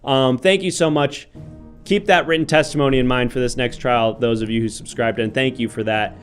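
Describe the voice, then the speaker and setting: Brisk mock-formal host as a judge. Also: male voice, mid-range voice, steady tone, soft background music. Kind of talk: improv comedy livestream.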